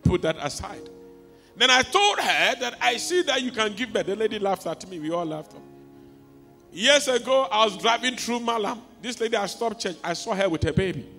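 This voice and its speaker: Man preaching, voice jumps all over, soft bits then shouting, faint music under it. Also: high-pitched, expressive, normal speed. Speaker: pastor. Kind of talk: sermon. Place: church hall. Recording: long hall reverb with faint music.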